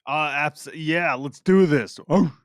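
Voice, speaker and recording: A man's voice: on the high side, slow, no room sound. A man co-hosting a podcast, chiming in with playful jokes. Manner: playful, jokey interjections. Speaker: podcast co-host. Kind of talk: casual podcast chat.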